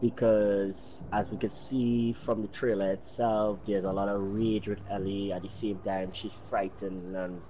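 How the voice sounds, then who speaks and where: A man co-hosting a gaming stream, explaining his expectations in an even, explanatory way. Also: on the low side, unhurried, hardly any pauses, a little hiss or hum, poor audio. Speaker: co-host. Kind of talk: casual gaming stream talk.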